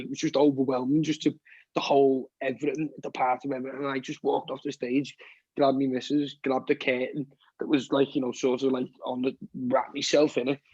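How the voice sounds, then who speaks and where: A man's voice: mid-range voice, a little mellow, dry recording. Scouse musician in his twenties, podcast guest, loose rambling chat, swears freely, dull lo-fi sound. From Liverpool, England. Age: 20s. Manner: rambling, keeps saying "you know what I mean", swears often. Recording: dull, dry lo-fi podcast audio.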